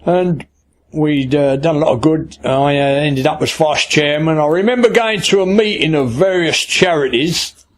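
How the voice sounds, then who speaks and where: A man's voice: a little high, normal speed. Older man telling stories. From England (Kent). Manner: storytelling, acts out past dialogue; colloquial, with frequent "I said" and "like". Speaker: interviewee. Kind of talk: anecdotal life story.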